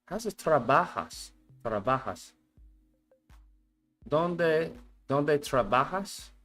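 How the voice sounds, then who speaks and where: A man's voice: a little high, sing-song, slow, a bit bright, faint music behind. A man streaming casually as he follows a language lesson, thinking aloud, repeating words and swearing often. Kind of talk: casual live-stream chat.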